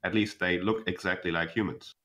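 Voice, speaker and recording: A young man narrating as game master, explaining calmly with many fillers and restarts. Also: low-pitched, brisk.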